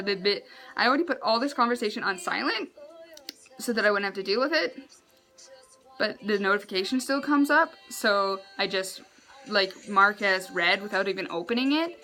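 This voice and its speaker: A woman vlogger telling a story to the camera, exasperated and animated, laughing in disbelief. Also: medium pitch.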